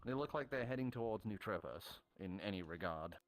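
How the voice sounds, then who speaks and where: A man narrating a tabletop game as game master, casual and quick to laugh. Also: fairly low pitch, soft background music. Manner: casual, laughs easily, lively descriptions.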